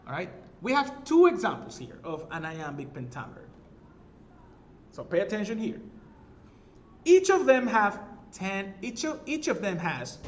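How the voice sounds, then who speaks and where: Male literature teacher, fairly high voice, patient explainer who self-corrects, soft hiss behind. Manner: explanatory, checks in with "all right?", corrects himself. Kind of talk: recorded class lecture.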